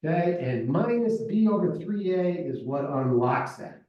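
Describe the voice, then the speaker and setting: Man teaching at a whiteboard, talks while he writes, recorded far off in a boomy room. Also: animated, measured pace, dull audio. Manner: talks while writing, counting aloud, checks in with "right?". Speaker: math teacher. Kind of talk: whiteboard math lesson. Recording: echoey room, voice from afar.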